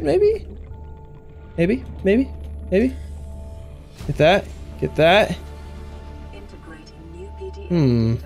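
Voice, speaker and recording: A man giving excitable let's play commentary, thinking aloud and gasping at each new find. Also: high voice, gravelly. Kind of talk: gameplay commentary.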